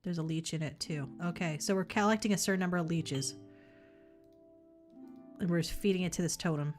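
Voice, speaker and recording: A woman whose voice sits on the low side talks a little fast while streaming a puzzle game. She's casually chatting and thinking aloud, swearing offhandedly once in a while, as faint game music plays.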